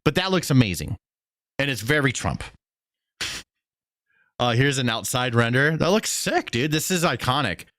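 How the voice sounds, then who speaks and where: Animated, slangy young man on a stream. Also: mid-range voice, moderate pace, pauses often, dry recording, studio quality. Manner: excitable, swearing, slangy, reacting to clips. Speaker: streamer host. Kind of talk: casual political commentary stream.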